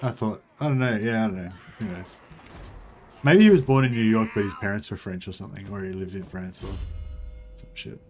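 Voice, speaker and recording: A man's voice: fairly low pitch, a little fast, a little hiss or hum. A man streaming a strategy game, rambling casually, chatting with viewers and swearing now and then. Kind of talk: casual livestream commentary.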